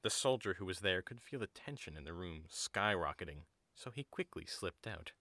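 A man narrating an audio drama in an even storybook manner. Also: low voice, moderate pace, no echo. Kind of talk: scripted narration.

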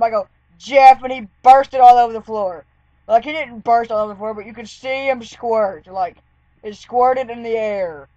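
A woman's voice: a little high, mellow, dry recording, muffled recording. A woman vlogger telling a story in a casual, rambling way, with lots of "like". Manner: chatty, rambling, full of "like" fillers.

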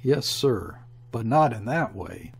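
Man voicing a solemn, earnest, credulous sea captain for a storybook, husky voice. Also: medium pitch, lively intonation, slow pace, heavily acted.

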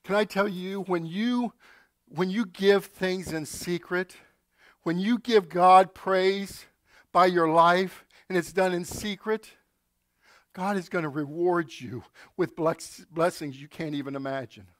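A man's voice: high-pitched, slow, a bit bright, no echo, studio quality. A male pastor preaching a sermon, telling stories and acting out quotes with asides to the congregation.

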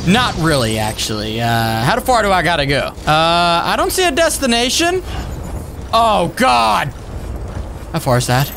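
A man giving rambling, excitable let's-play commentary, talking to his viewers as he plays. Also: high voice, a little slow, gravelly, a little hiss or hum. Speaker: gaming YouTuber. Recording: game music behind.

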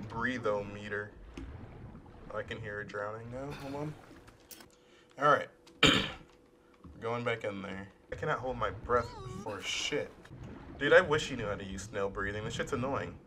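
Bright and forceful, this young man's mid-range voice carries a little hiss or hum in the recording. He runs a gaming channel and offers casual let's play commentary while playing, swearing often, cracking sarcastic jokes, and talking back at the characters.

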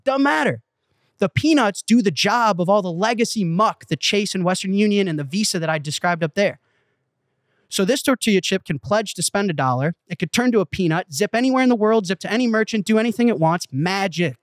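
A man as an interview guest, telling a story with excitable, profane emphasis in a casual way. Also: high-pitched, fairly quick. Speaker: interview guest, company CEO. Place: Malibu.

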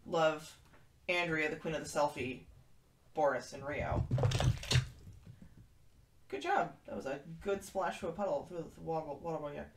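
A chatty woman with a low voice hosts a casual livestream from a kitten room, answering viewers as they type. She sounds some way from the mic in an echoey room, with clear noise behind her. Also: moderate pace, pauses often, recorded from a distance. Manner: chatty, reads and answers chat aloud.

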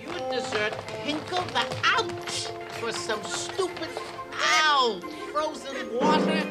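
A man's voice: very high voice, expressive, slow, heavily acted. A man voicing a bumbling, grumpy stage magician with theatrical patter in a cartoon. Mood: blustering. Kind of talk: cartoon voice acting. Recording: soundtrack with loud music behind. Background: cartoon music.

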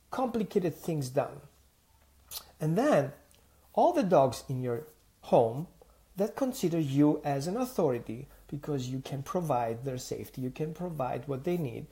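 Animated Mediterranean dog trainer, mellow voice. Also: male voice, fairly high pitch. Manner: animated, uses rhetorical questions and acted-out dialogue. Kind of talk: motivational teaching monologue.

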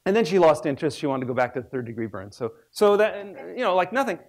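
A man's voice: fairly high pitch, big pitch swings, fast. A man in his sixties, a research biologist, giving a public lecture with humorous storytelling.

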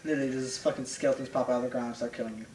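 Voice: mid-range voice, rapid-fire, slight background noise. A young adult player chatting casually and profanely while gaming. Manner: profane, animated, mock voices. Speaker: game player. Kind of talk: casual let's-play banter. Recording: echoey room, distant mic.

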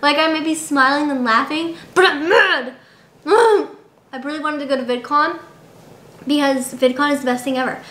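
A woman's voice: high voice, pushed and bright, a little hiss or hum. A young woman vlogging at home, chatting to the camera in a dramatic, giggly way. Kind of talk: casual chat to camera. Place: indoors at home. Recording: roomy home recording.

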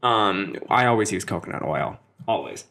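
A man's voice: deep voice, expressive, moderate pace, creaky, fairly bright tone. A young man talking through a spell-making tutorial in a chatty, sarcastic way, often wandering off onto side topics. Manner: chatty, sarcastic asides, jumps between topics. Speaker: witchcraft video host.

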